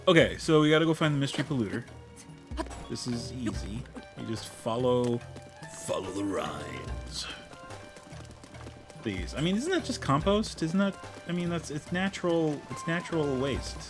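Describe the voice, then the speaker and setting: A young man chats playfully while he plays a game. His pitch is lively, and he keeps up a running, casual commentary. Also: normal speed, music in the background. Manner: playful, chatty, talks to his cat. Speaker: game streamer.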